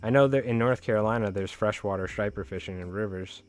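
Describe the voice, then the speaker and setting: A man's voice: lowish voice, quick pace, clear, resonant tone. A man hosting a live fly tying stream, chatting casually in slang with viewers while he ties.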